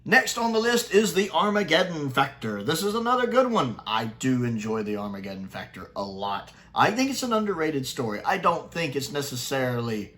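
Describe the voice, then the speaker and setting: A man's voice: medium pitch, fairly bright tone. A man giving casual, enthusiastic review commentary, chatty, with fillers and restarts. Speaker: sci-fi reviewer.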